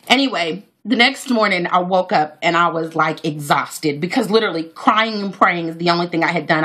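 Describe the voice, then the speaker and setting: Woman, thirties, bright voice, chatty vlog storytelling, devout. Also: lowish voice. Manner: heartfelt, religious, chatty with many fillers. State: near tears. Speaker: vlogger. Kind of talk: personal storytelling to camera.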